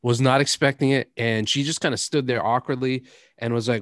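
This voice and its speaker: A man's voice: mid-range voice, fairly quick, no echo. A young man, chatting casually as a podcast host, rambling through stories, laughing often and cursing now and then. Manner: rambling storyteller, laughs often, drops curses. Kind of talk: casual chat.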